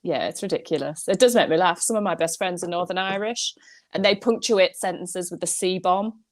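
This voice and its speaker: A woman's voice: fairly low pitch, a little fast. A woman co-hosting a casual chat, chatty and laughing often. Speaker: co-host.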